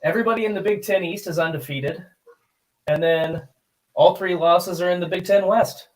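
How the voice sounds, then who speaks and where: A man's voice: sits high, normal speed. A man co-hosting a sports radio show, chatty and joking as he goes through results. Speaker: radio co-host. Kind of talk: casual sports radio chat.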